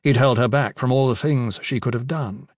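A man narrating an audiobook in a measured, even storytelling manner, his voice at a middle pitch for a man. The recording is dry and close, with no room echo. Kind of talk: scripted narration.

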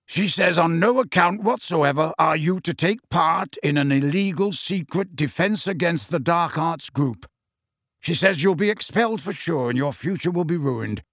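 A man's voice: on the high side, normal speed, a bit bright, no echo, studio quality, pitched above the performer's own voice. A man voicing Sirius, a bold teasing wizard. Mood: wry. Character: bold, wry adult wizard, male, proud and reckless.

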